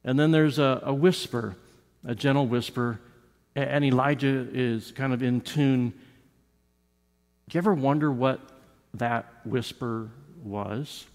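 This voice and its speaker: A man's voice: medium pitch, unhurried, pauses often, darkish tone. A man preaching a sermon as pastor, talking in a conversational way with frequent restarts and acting out quoted lines. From United States. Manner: acts out quoted lines with rises and drops in voice. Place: church sanctuary. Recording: long reverb of a church sanctuary.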